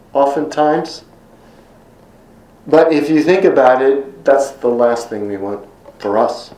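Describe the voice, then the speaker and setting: A man's voice: on the high side, a little mellow. Earnest preacher man in an echoey room. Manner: earnest, emphatic repetitions, slows for scripture quotes. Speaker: pastor. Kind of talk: sermon.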